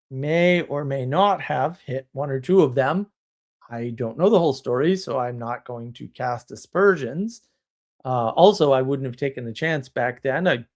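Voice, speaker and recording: A man hosting a live stream, talking in a casual monologue that rambles with restarts and chuckles, blunt and wry. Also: mid-range voice.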